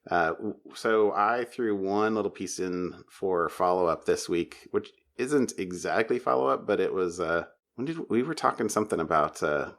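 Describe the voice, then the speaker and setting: A man's voice: low-pitched, expressive, moderate pace, hardly any pauses, fairly bright tone. A man hosting a podcast, chatting casually, laughing often and rambling a bit. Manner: laughing, rambling, self-deprecating. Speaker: podcast host.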